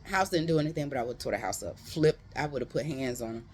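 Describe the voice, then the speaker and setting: A book reviewer giving a casual, animated retelling of a novel's plot, full of slangy asides to viewers. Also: mid-range voice, fast, slightly rough. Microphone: close.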